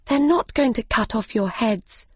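A woman's voice: a little high, unhurried, darkish tone, husky, dry recording, studio quality, voice pushed up. Woman voicing Alice, plucky girl. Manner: blunt, a little impolite.

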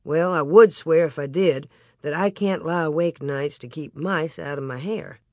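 Woman reading as a calm, dry-humored pioneer father. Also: deep voice, normal speed, no room sound, close to an everyday voice. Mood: dry teasing. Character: steady, teasing pioneer father.

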